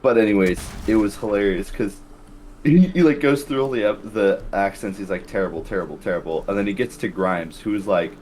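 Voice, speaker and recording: A man's voice: lowish voice, moderate pace, a little mellow, slight background noise. A young man co-hosting a casual gaming chat, rambling and laughing often. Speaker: co-host, gamer.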